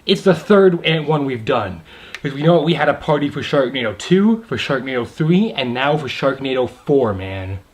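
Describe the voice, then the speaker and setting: A young adult man reviews a movie casually on video, excited and rambling with lots of asides and fillers. His pitch is medium and his pace moderate.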